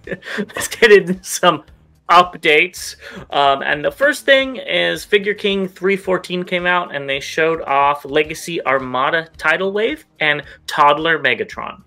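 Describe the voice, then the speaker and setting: A man co-hosting a casual toy news show, running through items with quick, relaxed asides. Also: fairly high pitch, vocal fry. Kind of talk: casual chat.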